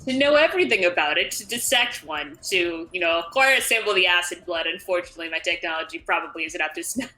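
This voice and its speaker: A woman's voice: on the low side, pushed and bright, voice pushed down, low-quality recording. Woman playing a cold clinical scientist. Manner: detached, clinical, measured. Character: cold inquisitive female company scientist.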